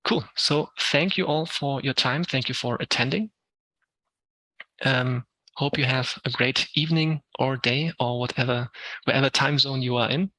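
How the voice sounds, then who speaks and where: A man's voice: medium pitch, moderate pace, sharp tone, low-quality recording. A man with a German accent, an Unreal Engine instructor giving a live tech talk, explaining step by step with frequent ums while answering questions.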